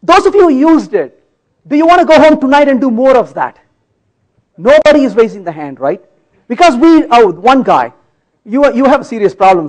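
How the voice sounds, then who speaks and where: Heard on a low-quality recording, a man with a very high-pitched voice presents at a conference hall while coding live. He jokes and teases the audience and repeatedly asks whether they're following.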